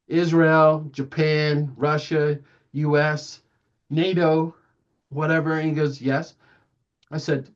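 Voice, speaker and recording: Lively middle-aged man telling a story. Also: a little high. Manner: lively storytelling, acting out quoted dialogue in shifting voices, chuckling. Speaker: guest speaker. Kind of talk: anecdotal talk to a live audience. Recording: dull lo-fi recording.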